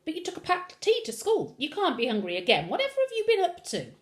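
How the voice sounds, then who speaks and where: A woman reading aloud, voicing a stern, brisk middle-aged mother. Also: very high-pitched, wildly swooping pitch, voice pushed up, heavily acted. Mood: bewildered.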